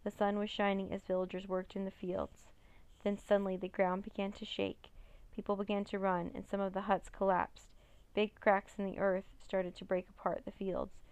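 Woman reading a kids' chapter book out loud, gravelly voice, dry close sound. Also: medium pitch, moderate pace, no echo. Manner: expressive, storytelling. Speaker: reader.

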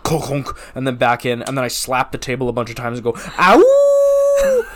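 A man co-hosting a casual podcast chat, animated and cursing freely, breaking into cartoonish sound effects. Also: medium pitch, very fast. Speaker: podcast co-host.

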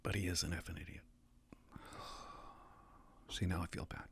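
A man's voice: deep voice, flat delivery, unhurried, vocal fry, fairly bright tone, slight background noise. Older man rambling self-consciously to camera. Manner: self-conscious, stumbles over words, swears casually. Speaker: retired vlogger playing hotline calls.

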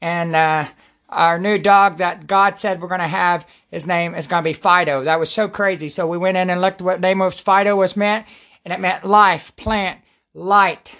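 Excitable rambling woman praying aloud. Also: fairly low pitch, normal speed. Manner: repetitive, excitable, rambling, prone to outbursts. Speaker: self-styled preacher leading prayer and Bible study. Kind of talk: livestreamed prayer and Bible talk. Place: at home.

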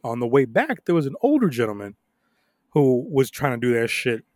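A young adult man tells rambling stories on a casual podcast. He swears freely, laughs often and gets loud and animated. His middle-pitched voice is recorded close up on a dry mic. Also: a little fast, no echo. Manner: profane, animated storytelling with laughs. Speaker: podcast co-host.

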